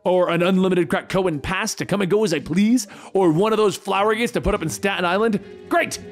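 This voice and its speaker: A man voicing a brash, sarcastic male mercenary antihero in a comic book story, with whiny, loud outbursts. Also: sits high, a little fast, soft background music, voice pushed up. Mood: whiny mocking.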